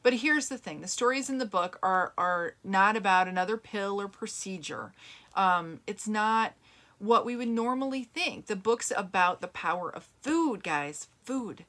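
A woman's voice: mid-range voice, lively intonation, normal speed, a bit bright. A middle-aged woman hosting her own plant-based health show, talking casually and earnestly to her viewers and listeners, rambling with fillers and restarts. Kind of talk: casual talk to camera and podcast listeners.

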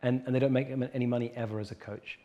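A man's voice: medium pitch, fairly even intonation, quick pace, dark tone, dull audio. A man speaking as a coach in an interview, earnest and emphatic, repeating his key points. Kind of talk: conversational interview.

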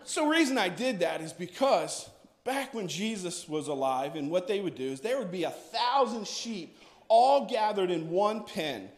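A man's voice: high-pitched, lively intonation, measured pace. A man, a pastor, giving a playful and coaxing children's message during a church service. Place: church sanctuary. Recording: echoey church room.

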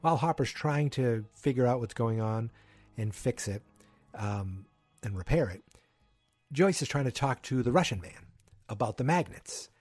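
Animated male podcast host recapping. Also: mid-range voice, moderate pace, dry recording, soft background music. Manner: animated retelling, briefly mimicking characters' lines. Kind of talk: casual episode recap. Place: indoors at home.

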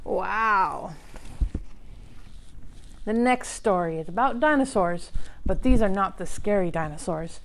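A woman librarian leading a toddler storytime, reading in a slow, sing-song, animated way with loud sound-effect shouts. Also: mid-range voice, slight background noise. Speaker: children's librarian.

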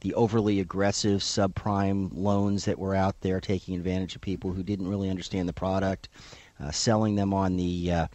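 A middle-aged man with a fairly low voice, speaking as an attorney guest on a radio show. He explains in a measured, unhurried way, dotted with uhs. The sound is dry and close, with no room echo. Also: level tone, darkish tone. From South Florida. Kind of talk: radio interview. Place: radio studio.

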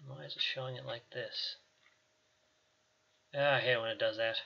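A man's voice: mid-range voice, fairly even intonation, normal speed, vocal fry, lo-fi sound. A man narrating as game master of a tabletop game, talking casually and rambling, with many fillers.

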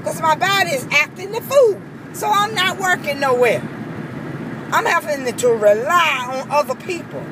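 A woman vents in a heated, repetitive rant, her voice sitting high. Steady traffic noise rumbles clearly behind her outdoor recording. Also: moderate pace. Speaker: vlogger. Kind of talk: angry personal rant.

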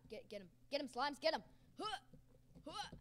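A woman hosting a gaming channel, giving excited gameplay commentary and yelling, raging and cheering at the game. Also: high-pitched, moderate pace.

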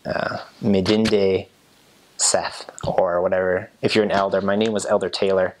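An American man with a very low voice talks casually, explaining phrases with frequent restarts. He pauses, searches for words and chuckles at himself as he goes. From United States. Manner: halting, laughs at himself while explaining. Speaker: interviewee.

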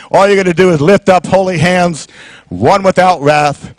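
A middle-aged man preaching a sermon in church, with call-and-response that swings from soft talk to shouting. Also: high-pitched, slow, no room sound. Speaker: pastor.

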